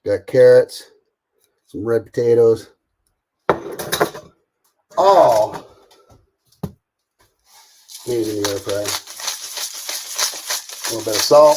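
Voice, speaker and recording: A man's voice: mid-range voice, slow, pauses often, darkish tone, slightly rough. Chatty, profane middle-aged man streaming. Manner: chatty, profane, talks to viewers by name. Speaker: livestreamer cooking while reading chat. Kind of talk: casual live-stream chat.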